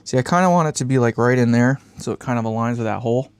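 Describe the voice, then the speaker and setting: A man's voice: medium pitch, quick pace, clear, resonant tone, dry recording. A man with congested sinuses chatting in a rambling, laid-back way while building an amp on a live stream, swearing casually and chuckling often.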